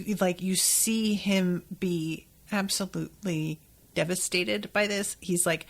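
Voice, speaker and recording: A woman's voice: lowish voice, a bit bright. Chatty woman recapping an episode. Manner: chatty, rambling, many filler likes. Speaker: podcast host.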